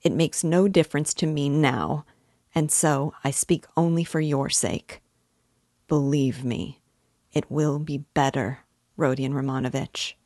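A woman's voice: deep voice, steady tone, a little slow, dark tone, no echo, clean studio sound. Woman reading as an earnest pleading police investigator. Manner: pleading, insistent, fatherly. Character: earnest persuasive middle-aged male police investigator.

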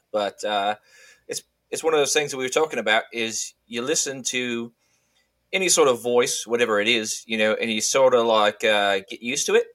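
A man's voice: mid-range voice, a bit bright. A man co-hosting a podcast, talking hesitantly with fillers in casual chat. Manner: hesitant, many fillers and restarts. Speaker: podcast co-host.

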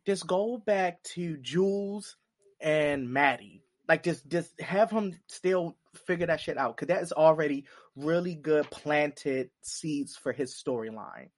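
A woman's voice: low voice, slow, no echo. Chatty woman talking in a dry basement. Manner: animated, lots of fillers, acts out her reactions. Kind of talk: casual chat.

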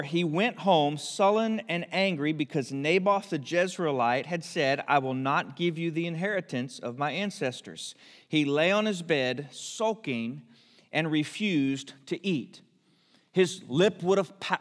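A man preaching a storytelling sermon, his voice set a little high for a man. He acts out the characters now and then. A long reverb trails each phrase, as in a big church hall. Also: measured pace. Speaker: pastor.

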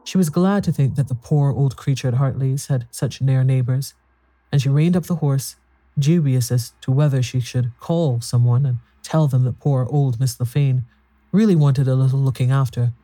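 A man giving a measured, even scripted narration of a ghost story. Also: medium pitch, no room sound.

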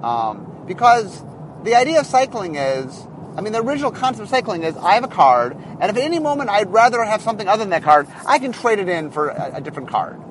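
A man with a high voice talks through design decisions in a loose, rambling way. His pitch swoops up and down as he thinks aloud. Faint traffic hum sits behind him in a car. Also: big pitch swings, fast talker. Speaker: game designer. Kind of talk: casual explanatory monologue.

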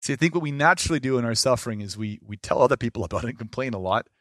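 A man preaching a sermon as pastor, moving between loud emphatic lines and quiet, low asides. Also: expressive, rapid-fire, dry recording, studio quality.

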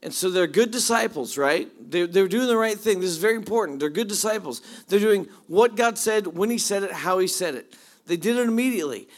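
A man preaching a sermon, animated as he retells the story, swinging from hushed asides to excited bursts. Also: sits high, a little fast. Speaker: pastor.

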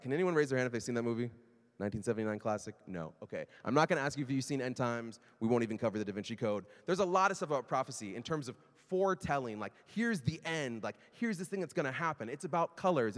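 A man's voice: mid-range voice, fast talker. Man preaching casually in a reverberant hall. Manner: conversational, animated preaching with quoted voices. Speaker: pastor. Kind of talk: sermon.

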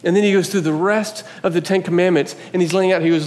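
A man preaching a sermon as pastor, telling the story with animated quotes and asides. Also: high-pitched, fast, hardly any pauses, long reverb tail. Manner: animated storytelling, voicing God and others in quotes. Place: church sanctuary.

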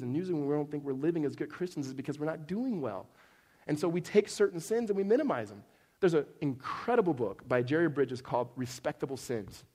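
A middle-aged male pastor with a slightly high voice preaches in a loose, chatty style, slipping in jokes and asking "right?" after his points. His voice rings out with a long reverb trail, as in a large church hall. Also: a little mellow, slightly rough. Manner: conversational, jokey storytelling with many "right?" asides. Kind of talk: sermon.

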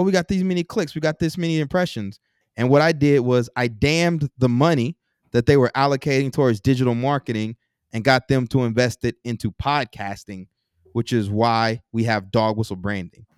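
A man's voice: medium pitch, clear, resonant tone, no echo, clean studio sound. A man from Texas, a podcast guest explaining business ideas with examples and rhetorical questions in a casual interview.

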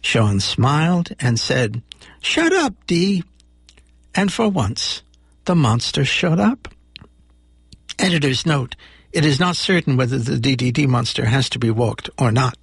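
A man's voice: mid-range voice, animated, measured pace, creaky, husky, no echo, studio quality. A man hosting a radio show, reading a children's story aloud with voiced characters. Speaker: radio host.

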